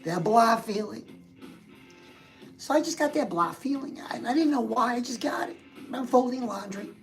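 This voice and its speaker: A woman with a high voice and a gravelly, creaky edge hosts a casual motivational live stream. She chats straight to her viewers and reads their comments aloud as she goes. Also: lively intonation, normal speed, faint music behind, poor audio.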